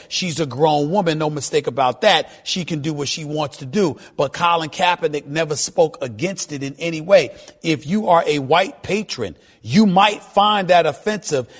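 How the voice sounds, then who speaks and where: A man hosting a sports talk radio show and taking calls, emphatic and given to repeating himself, his voice shooting up when excited. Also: on the high side.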